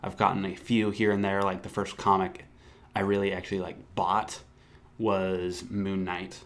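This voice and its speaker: A man co-hosting a comics podcast in casual chat, relaxed and joking, stumbling through filler restarts. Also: low voice, normal speed. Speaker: podcast co-host.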